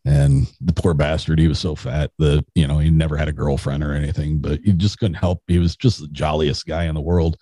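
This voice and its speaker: A man's voice: rumbling low, steady tone, fairly quick, hardly any pauses, dark tone, no room sound. A middle-aged man, a podcast guest, telling a story in a rambling casual way with restarts.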